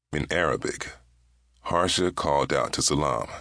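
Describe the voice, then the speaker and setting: A man reading a thriller aloud in steady, grave audiobook narration. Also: very deep voice, takes it slowly, gravelly, long pauses, no room sound, clean studio sound.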